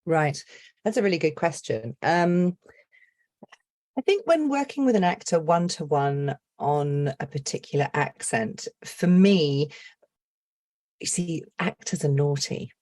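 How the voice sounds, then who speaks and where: A middle-aged woman from the UK with a notably low voice chats animatedly as a podcast guest. She talks as an accent coach, quick to laugh and full of energy. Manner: animated, chatty, laughs often. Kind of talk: casual podcast interview.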